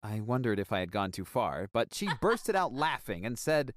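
A man's voice: mid-range voice, sing-song, normal speed, hardly any pauses, no room sound. A man narrating a first-person school story in a wry, scripted storytelling style.

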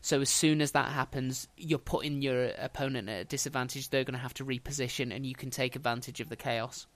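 A man's voice: mid-range voice, steady tone, brisk, a bit bright, dry recording. Wry man telling history, dry sound. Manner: dry, wry humour while recounting history. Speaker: history podcast host. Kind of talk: casual storytelling chat.

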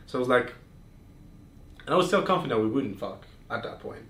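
In a roomy recording with faint noise, a man speaks from far off the mic. He hosts a podcast, and his mid-range, slightly bright voice is animated and brisk as he shares explicit stories candidly, with plenty of fillers and restarts.

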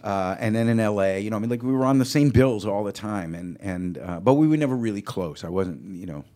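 An older comedian chatting as a guest, his voice sitting on the low side. He tells stories with energy and plays out the back-and-forth in them. The talk is loose and conversational. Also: brisk. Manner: animated storyteller who acts out quoted exchanges. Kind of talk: casual chat, storytelling.

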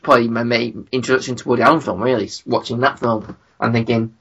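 A man talks through his views on a casual podcast, circling back and repeating words before landing his point. His tone is bright and forceful, and his pitch sits in the middle range. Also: little pitch movement, fast talker, breathy edge, lo-fi sound. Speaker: podcast co-host.

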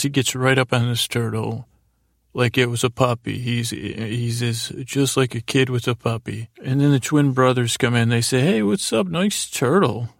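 A podcast host with a medium-pitched, gravelly voice rambles sleepily through a recap of a TV episode, often correcting himself and loosely paraphrasing the characters. The studio-quality recording has no room sound.

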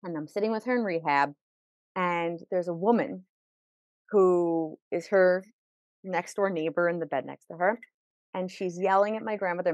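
A woman's voice: fairly low pitch, fairly quick, dry recording. Woman, podcast guest, vivid storytelling, acts out other voices, dry close sound. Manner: vivid, acts out quoted people; repeats words when emotional. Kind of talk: personal storytelling.

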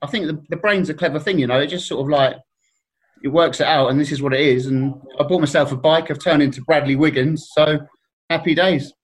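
A man's voice: on the high side, fairly quick, poor audio. A man from Surrey, a guest on a casual podcast, telling stories and acting out other people's voices. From Surrey, England.

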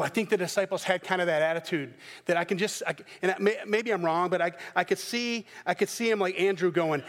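A man preaching a sermon as pastor, telling the story in a lively way and acting out the characters' voices. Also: high voice, a little fast, few pauses, big-room sound.

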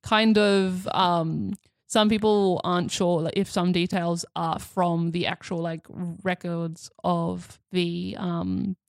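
A woman's voice: on the low side, little pitch movement, takes it slowly, hardly any pauses, dry recording, studio quality. A woman co-hosting a podcast, recounting a story in casual chat, full of ums and likes as she searches for details. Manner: hesitant, many ums and likes. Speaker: podcast co-host.

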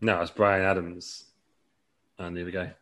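A man's voice: deep voice, flat delivery, moderate pace, a crowd in the background. A man co-hosting a podcast in loose, rambling casual chat. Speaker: podcast co-host.

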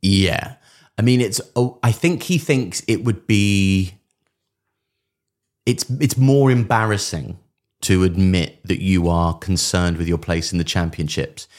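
A man co-hosting a casual comedy podcast, deadpan with rambling asides. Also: sits low, measured pace. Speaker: podcast co-host.

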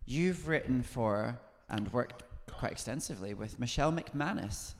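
A male host speaks in a casual chat, thoughtful and articulate with a gentle teasing edge. His voice sits at an ordinary pitch. The sound carries a long reverb from the venue. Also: animated, measured pace.

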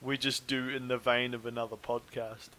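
A man's voice: mid-range voice, little pitch movement, normal speed, sharp tone, poor audio. A man co-hosting a podcast in casual chat, making wry, sarcastic jokes. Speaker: podcast co-host. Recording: faint hiss.

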